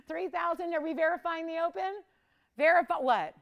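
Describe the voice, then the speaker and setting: A woman hosting a live jewelry auction on TV, talking to viewers and crew in a loose, chatty way. Her voice sits a bit higher than most women's. She laughs often, and her pitch and loudness swing up and down. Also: expressive, fast. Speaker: live jewelry shopping host. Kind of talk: live TV shopping auction chat.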